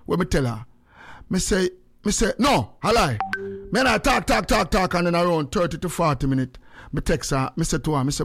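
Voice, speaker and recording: Jamaican radio host guy, kinda high voice, chatty and preachy. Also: normal speed, vocal fry, breathy edge. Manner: lively, switching between English and patois, preachy. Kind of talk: casual chat.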